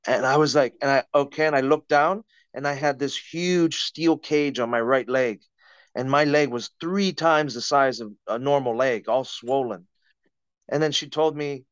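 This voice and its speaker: A man's voice: medium pitch, moderate pace, a bit bright, smooth, dry recording, lo-fi sound. A man, a podcast guest, telling a personal story in conversation with vivid, dramatic retelling and acted-out quotes.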